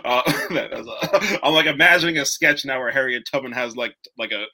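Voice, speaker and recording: A man who writes comics, talking casually as a guest, animated and quick to laugh, with many fillers. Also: medium pitch. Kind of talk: casual conversation.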